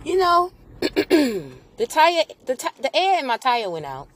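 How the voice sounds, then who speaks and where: A woman's voice: high voice, wildly swooping pitch, slow pace, faint music behind. A woman ranting into a voice memo, swearing heavily and talking to herself about work and money. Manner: heavy swearing, agitated ranting. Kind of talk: profane rambling voice memo.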